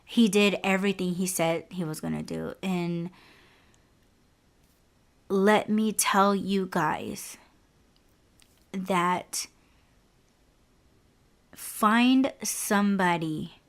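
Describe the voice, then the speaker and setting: A young adult woman hosting a podcast, telling a personal story in a frank, candid way, full of "like" and "you know". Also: medium pitch. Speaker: podcast host.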